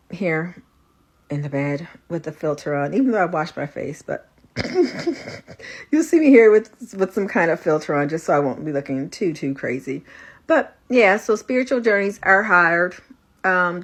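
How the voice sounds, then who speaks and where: A woman with a low, deep voice speaks from her bed into a phone, worn out and slightly stuffy with a runny nose. She rambles in a soft, halting way and often restarts her sentences, like a personal confessional vlog. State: tired and exhausted. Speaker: spiritual coach and psychic reader. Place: in bed at home.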